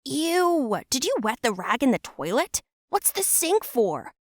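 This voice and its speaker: A woman voicing a smug teenage boy who mocks a classmate in an animated story. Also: high-pitched, a little slow, no room sound, clean studio sound, voice pushed up, heavily acted. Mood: sneering. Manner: sneering, mocking.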